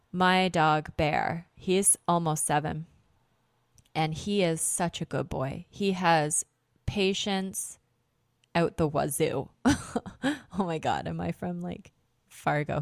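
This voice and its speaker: A woman's voice: lowish voice, takes it slowly, creaky, pauses often, dry recording, studio quality. A woman in her thirties hosting a podcast, rambling casually and self-deprecatingly with frequent laughs and fillers. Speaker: podcast host.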